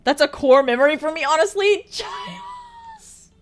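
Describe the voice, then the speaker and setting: Over faint music, a woman speaks quickly in a high-pitched voice. Casual and exclamatory, she chats on a live stream, reads out messages from viewers, swears freely and laughs a lot.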